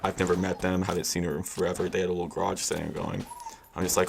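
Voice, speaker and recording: A man's voice: low-pitched, little pitch movement, fast talker, creaky, a little hiss or hum. A young man telling a story in a laid-back, rambling, slangy way. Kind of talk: casual story time.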